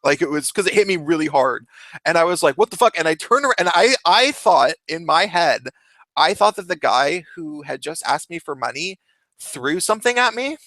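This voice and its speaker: A young man telling a story in a casual, animated way, laughing often and swearing. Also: fairly high pitch, normal speed, no room sound. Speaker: vlogger.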